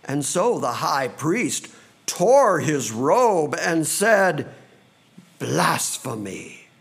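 Slow, high, animated male preacher. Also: husky. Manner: slow and dramatic, quickening in asides. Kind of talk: sermon.

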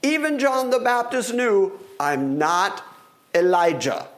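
In this sermon, a man with a high-pitched voice preaches slowly from scripture. Animated throughout, he performs the voices of the figures in the story, especially the questioners.

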